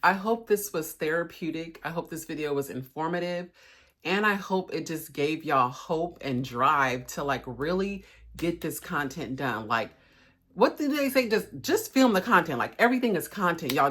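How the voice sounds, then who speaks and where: Low-voiced chatty woman vlogger. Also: expressive, moderate pace, fairly bright tone. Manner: chatty, encouraging, says y'all a lot; emotional, voice cracking at times. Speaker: lifestyle vlogger. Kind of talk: casual motivational vlog talk.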